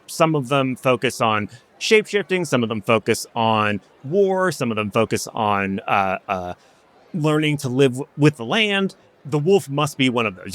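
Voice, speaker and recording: A man's voice: medium pitch, a bit bright. A man narrating a tabletop game as game master, loose and rambling.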